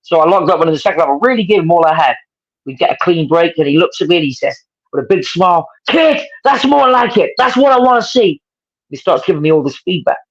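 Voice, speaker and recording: Very fast and a little high-pitched, an English-accented wrestling promoter shares stories as a guest over lo-fi sound. He is an animated storyteller who performs the quotes of the people he describes in this casual interview.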